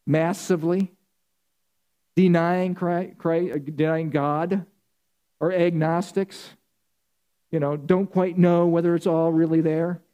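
A man's voice: a little high, level tone, slow, long pauses, dark tone, clear, resonant tone. A man preaching a sermon, emphatic and insistent, with repeated phrases, often calling his listeners folks.

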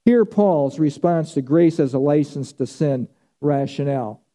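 A man's voice: a little high, measured pace, warm tone. A man preaching a sermon, stressing key words by drawing them out and repeating phrases for emphasis. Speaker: pastor.

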